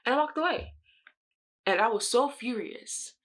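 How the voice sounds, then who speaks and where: A young woman telling a drama story while doing her makeup, animated and swearing, acting out what she said. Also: a little high, normal speed, pauses often. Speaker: beauty vlogger. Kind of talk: get-ready-with-me story time.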